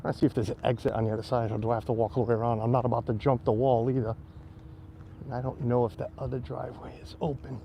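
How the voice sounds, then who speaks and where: A man's voice: medium pitch, flat delivery, fast, gravelly, dark tone, slight background noise. A man live-streaming a walking tour outdoors, chatting to his viewers as he goes. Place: outdoors on a quiet street and mansion grounds. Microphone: phone or camera on a tripod.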